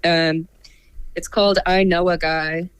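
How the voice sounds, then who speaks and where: A woman's voice: lowish voice, level tone, unhurried, slight background noise, low-quality recording. A young woman, a music student and songwriter, chatting casually and saying "like" a lot. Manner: laid-back, lots of "like". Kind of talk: casual chat.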